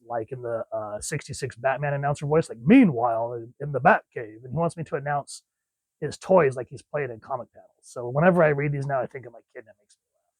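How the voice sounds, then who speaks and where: A man's voice: medium pitch, no room sound, low-quality recording. Enthusiastic rambling man with a dry sound. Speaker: comic book reviewer. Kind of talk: casual chat.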